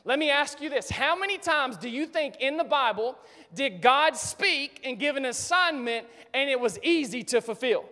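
Male pastor, high-pitched, casual and energetic sermon delivery, reverberant sanctuary. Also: normal speed. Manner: energetic, casual, talks straight to the congregation and jokes. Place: church sanctuary. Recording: reverberant hall.

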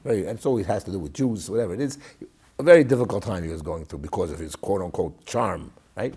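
Animated husky man telling a story. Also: deep voice, quick pace. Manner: animated storytelling, swings from loud to hushed. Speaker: guest recalling his father. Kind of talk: storytelling interview.

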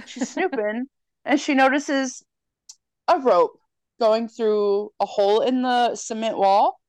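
Casting: young woman, podcast co-host, lively storyteller who swears freely, dry close sound. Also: fairly high pitch, takes it slowly, no echo. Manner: animated storyteller, swears freely, acts out lines. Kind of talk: casual chat, retelling a horror movie.

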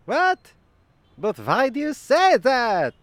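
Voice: high-pitched, big pitch swings, slow pace, dry recording, exaggerated voice. A performer voicing a male Jesus figure who keeps cutting in with exasperated protests. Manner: keeps interrupting with "oi", pleading.

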